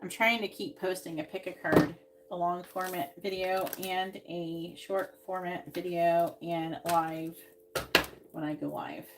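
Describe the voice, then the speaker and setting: A woman's voice: on the low side, fairly even intonation, measured pace, very noisy. A woman psychic giving tarot readings on a live stream, speaking in short, emphatic statements. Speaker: psychic reader.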